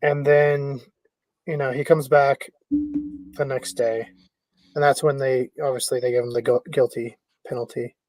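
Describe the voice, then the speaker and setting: A man's voice: mid-range voice, little pitch movement, measured pace, a little mellow, dry recording, soft background music, low-quality recording. Easygoing man hosting a pop culture chat. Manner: easygoing, passes questions to guests. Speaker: podcast host. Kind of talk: casual pop culture discussion.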